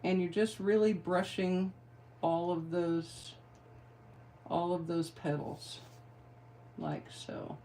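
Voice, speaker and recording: A woman's voice: fairly low pitch, fairly even intonation, slow pace, pauses often, mellow, a little hiss or hum. A middle-aged woman giving a card-making tutorial, chatty and playful, with rambling asides. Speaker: craft demonstrator.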